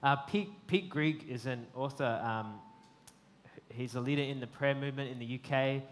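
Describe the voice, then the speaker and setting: A man's voice: mid-range voice, moderate pace, slight background noise. Earnest man preaching a sermon. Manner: earnest, reflective, frequent ums. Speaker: pastor.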